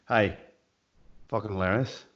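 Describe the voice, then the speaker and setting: Jokey guest musician. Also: male voice, lowish voice, fairly even intonation, a little slow, a bit bright, lo-fi sound. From Derry, Northern Ireland. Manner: laddish, jokey storytelling. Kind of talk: casual chat.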